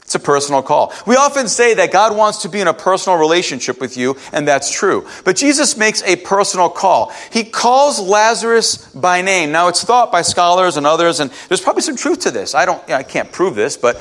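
A man's voice: high-pitched, big pitch swings, a little fast, hardly any pauses, fairly bright tone. A man preaching a sermon, reading scripture aloud and restarting his sentences as he explains it. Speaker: pastor.

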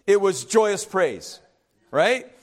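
A male pastor preaching a sermon, emphatic and swinging from loud exhortation to hushed asides. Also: high voice, sing-song, very slow. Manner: emphatic preaching, rising and dropping sharply; acts out skeptics in hushed asides.

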